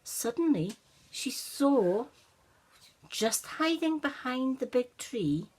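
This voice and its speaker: An older woman reading a children's story aloud with an expressive, animated manner. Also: high-pitched, slow pace, low-quality recording.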